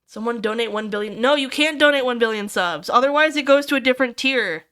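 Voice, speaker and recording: Bubbly high-voiced woman streamer. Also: fast talker, smooth. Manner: excitable, swears freely, squeals over cute things. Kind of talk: casual livestream chat with viewers.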